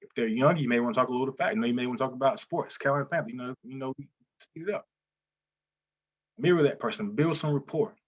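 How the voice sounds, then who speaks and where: Energetic man teaching on a lo-fi webinar. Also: mid-range voice, very fast, few pauses. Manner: energetic, repeats himself, says "listen, man" often. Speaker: real estate wholesaling teacher.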